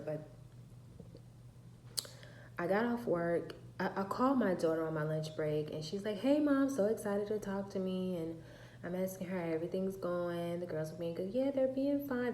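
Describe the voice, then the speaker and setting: A woman's voice: sits low, darkish tone, echoey room, a little hiss or hum. A woman in her thirties telling a personal story in a casual vlog, speaking frankly, swearing freely and acting out the dialogue.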